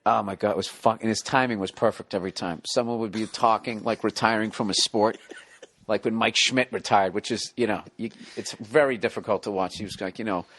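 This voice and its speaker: A man in his forties with a Boston accent, hosting a casual comedic podcast chat, profane and quick to laugh. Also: fairly low pitch, no room sound. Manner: animated, profane storytelling with bursts of laughter. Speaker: podcast host.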